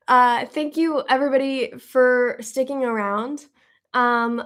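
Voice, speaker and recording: An upbeat woman hosts a live stream, answering viewer questions in a loose, chatty way. She thinks out loud and keeps the talk relaxed and friendly. Her voice sits somewhat high.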